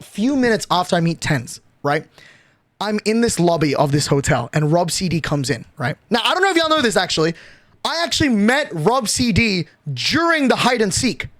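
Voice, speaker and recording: Young male streamer, high-pitched, excitable storyteller, casual swearing. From Australia.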